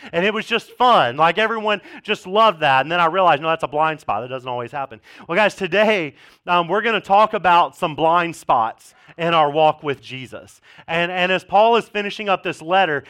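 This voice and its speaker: A man's voice: high-pitched, sharp tone, smooth. A man in his thirties preaching a casual sermon as pastor, telling jokey stories with sarcastic asides.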